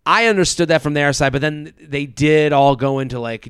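Male podcast co-host, casual and animated, bright clear tone, dry close mic. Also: mid-range voice, a little fast, few pauses, no room sound. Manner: animated, acts out quotes in funny voices. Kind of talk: casual recap chat.

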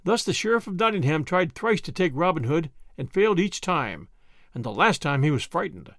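Expressive male storybook reader. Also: fairly high pitch, normal speed, dry recording. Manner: expressive, lilting reading. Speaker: audiobook reader. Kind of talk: storybook narration. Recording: dry close recording.

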